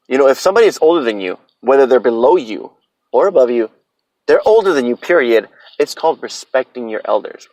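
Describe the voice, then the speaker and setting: Blunt and profane, this solo podcast host, a man in his thirties, rants through his opinions in a medium-pitched voice. The sound is dry and close, but the recording is rough.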